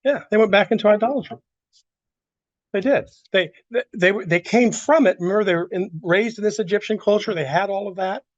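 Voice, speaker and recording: This teacher has a high-pitched male voice and talks fairly quickly, running a Bible class in a church room in a loose, chatty way. He puts questions to the group and restarts a lot. The audio is dull with no echo.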